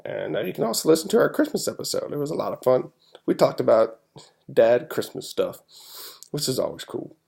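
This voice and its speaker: A man hosting a casual sports-picks show, his voice gravelly and mellow in tone. He talks in a lively, swinging way and runs through his picks like an exasperated fan, restarting his sentences as he goes. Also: mid-range voice, fairly quick. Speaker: podcast host.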